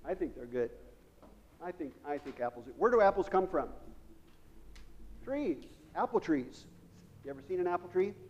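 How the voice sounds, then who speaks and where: A man, the pastor, gives the children's message in a playful, chatty way, asking the kids questions as he goes. His voice sits somewhat high, and his words carry a long reverb through the church. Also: expressive, moderate pace, long pauses, a little mellow, dull audio. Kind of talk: children's sermon. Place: church sanctuary.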